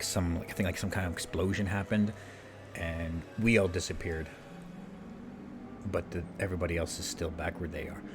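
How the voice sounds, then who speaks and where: Low-voiced rambling streamer. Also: male voice. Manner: rambling, filler-heavy. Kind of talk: casual game commentary. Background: game music.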